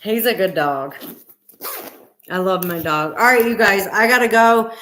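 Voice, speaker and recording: Slow-talking woman in her forties. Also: medium pitch, a little hiss or hum. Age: 40s. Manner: soft-spoken, hesitant, many restarts. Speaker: livestream host. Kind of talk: casual livestream chat. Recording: echoey room.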